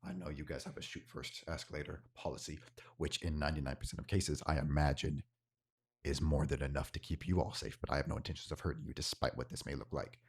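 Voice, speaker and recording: A man voicing a secretive, black-furred male cat-folk informant who speaks in a low, measured, guarded way. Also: fairly even intonation. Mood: calm.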